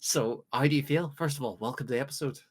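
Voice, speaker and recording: A man from the UK runs a light-hearted podcast quiz. His voice sits at an ordinary middle pitch, and he reads out each option slowly with playful pauses. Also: breathy edge. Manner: jokey, reads questions with drawn-out pauses. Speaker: quiz host. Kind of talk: casual podcast quiz hosting.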